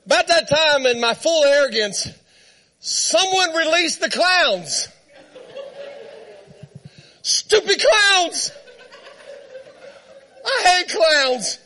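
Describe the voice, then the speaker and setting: High, bright-voiced preacher telling a funny story. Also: male voice. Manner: animated, laughing through his story. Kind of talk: comic storytelling sermon.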